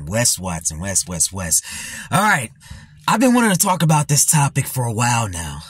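A man rambles through a casual commentary, his husky voice swinging widely in pitch. He laughs often and fills every gap with "you know". The sound is dry and close. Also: no echo. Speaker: commentary vlogger.

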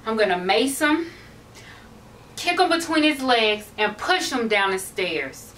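A woman's voice: a little high, very animated, measured pace, fairly bright tone, a little hiss or hum. A woman acting in a comedic drama, talking in a sassy, exasperated way. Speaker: actress in a short film. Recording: distant mic with music bed.

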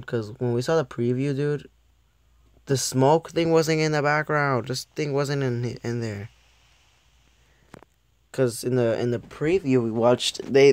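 A man's voice: medium pitch, darkish tone, no echo. Rambling young man reviewing an anime episode. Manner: rambling, loses his train of thought, laughs at himself. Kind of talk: casual video commentary.

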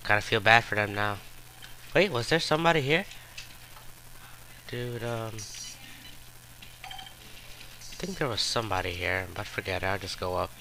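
A man's voice: lowish voice, measured pace, pauses often, bright, forceful tone, a little hiss or hum. A man giving live gameplay commentary, frustrated and trash-talking with profane outbursts.

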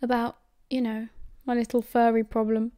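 A British woman voicing a quiet, self-conscious teenage boy who speaks hesitantly and dolefully. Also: a little high, level tone, normal speed, dry recording, clean studio sound, lightly acted. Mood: subdued.

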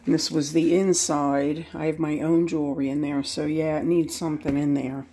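A woman giving a casual, unhurried tour of her home craft room, pointing things out one by one. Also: low voice, little pitch movement, warm tone, slight background noise.

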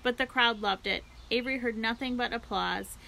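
Bright-voiced woman reading a storybook aloud. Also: on the high side, moderate pace, vocal fry, poor audio. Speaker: library storyteller. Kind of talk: reading a children's book aloud.

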